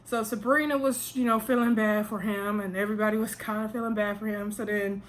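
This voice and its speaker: A woman's voice: medium pitch, fairly even intonation, fairly quick, a little hiss or hum. A woman in a casual vlog, chatting with emphasis and talking straight to her viewers as she recaps a reality show.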